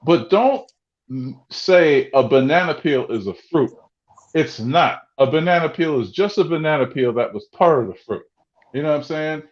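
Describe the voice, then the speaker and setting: Guy ranting about hoops on a podcast, kinda high voice, muffled lo-fi sound. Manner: loud, ranting, repeats words. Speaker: podcast co-host. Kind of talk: heated sports debate.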